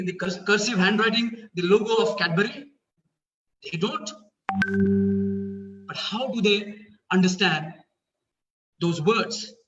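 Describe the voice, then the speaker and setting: A man's voice: sits high, bright, forceful tone. A man with an Indian English accent giving an earnest talk to parents, explaining step by step and asking rhetorical questions. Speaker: parenting speaker. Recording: dull, roomy, from a distance.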